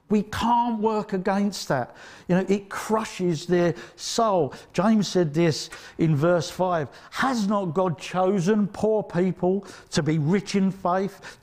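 A man's voice: high voice, darkish tone. A man with an Essex accent preaching a sermon in a conversational, emphatic way, often checking in with his listeners. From Essex, England.

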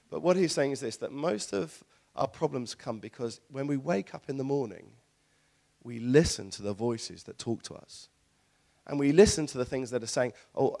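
Lively gravelly-voiced man preaching. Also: mid-range voice. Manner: animated, laughing asides, repeats words. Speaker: pastor. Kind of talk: sermon. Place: church.

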